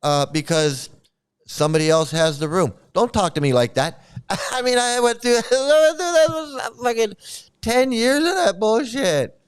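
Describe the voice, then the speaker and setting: A man's voice: very high-pitched, lively intonation, a little slow, clean tone. A middle-aged man talking casually and at length, rambling and swearing, often stammering and breaking into laughter. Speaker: channel host commenting on a cult. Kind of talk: casual livestream commentary.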